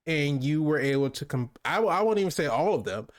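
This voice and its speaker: A man's voice: a little high, animated, fairly quick. Male co-host, casual film-review chat, meandering delivery full of restarts. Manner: rambling, many restarts and fillers.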